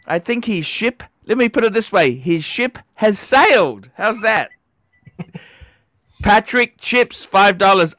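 A man's voice: very high-pitched, dry recording, studio quality. Profane ranting livestream host man. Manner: profane, repetitive, shouting in bursts. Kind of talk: angry livestream rant.

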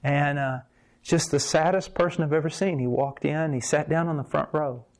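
Animated male preacher telling a story. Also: on the high side, normal speed. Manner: animated storytelling with sudden surges of intensity. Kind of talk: sermon with personal story.

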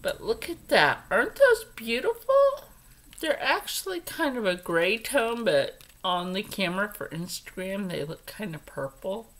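Slow-talking woman gushing over jewelry. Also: medium pitch, lively intonation, a bit bright, rough recording. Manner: chatty, gushing over jewelry, drifts into whispers. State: congested from allergies. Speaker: vlogger. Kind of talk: casual jewelry unboxing chat.

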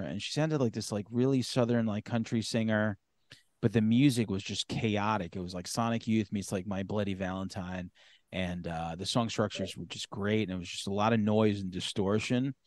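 A man's voice: fairly low pitch, no echo, studio quality. A man hosting a podcast, chatting loosely with plenty of fillers and the odd curse. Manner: loose and profane, many fillers. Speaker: podcast host. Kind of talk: casual chat.

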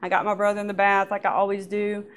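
A woman giving a personal church testimony, telling her story in a halting, soft-spoken way that often trails off. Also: mid-range voice, monotone. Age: adult. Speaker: testimony speaker.

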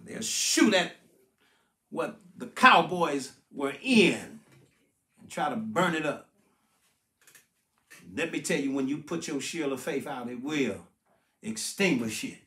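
High-voiced older preacher in an echoing room. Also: male voice, lively intonation, normal speed, bright, forceful tone. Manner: emphatic preaching with repeated "watch this" and "listen" cues. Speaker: pastor. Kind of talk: sermon-style Bible study. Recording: roomy echoing sound.

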